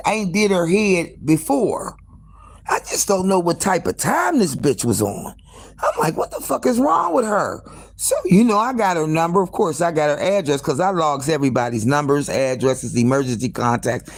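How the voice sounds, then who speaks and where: A woman who owns a hair salon, telling a long story in casual, profane speech with many asides to her listeners. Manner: animated and profane, with frequent swearing and direct asides to listeners; acts out dialogue, jumping up sharply in pitch for quoted lines. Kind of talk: casual storytelling on a live stream.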